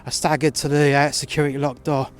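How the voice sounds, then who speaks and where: A man telling a first-person story outdoors in the cold, halting with fillers and breaking into profane outbursts. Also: fairly high pitch, flat delivery.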